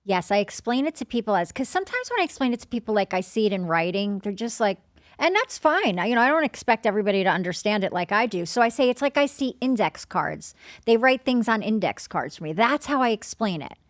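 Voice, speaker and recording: A woman's voice: medium pitch, fast, dry recording, studio quality. Chatty woman medium telling stories. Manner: chatty, animated, acts out her own inner dialogue. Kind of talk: casual storytelling chat.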